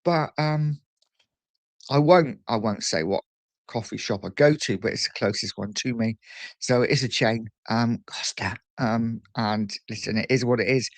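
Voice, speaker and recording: A man with a mid-range voice hosts a relaxed morning livestream from a desk mic, chatting and reading viewer messages aloud. He keeps a moderate pace, and the recording has no echo.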